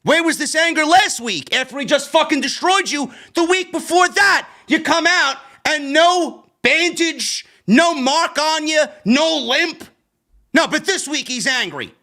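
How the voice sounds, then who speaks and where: A ranting man with a New York accent, his voice high and sharply bright as it leaps all over. He reviews a wrestling show in a profane, combative way, throwing in sarcastic jabs. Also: animated, unhurried.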